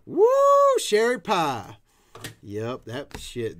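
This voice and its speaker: A man's voice: medium pitch, wildly swooping pitch, extremely slow, background noise. A man from Tennessee, hosting a casual card-opening stream in a rowdy, profane, whooping way. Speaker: card breaker host. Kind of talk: casual live stream chat.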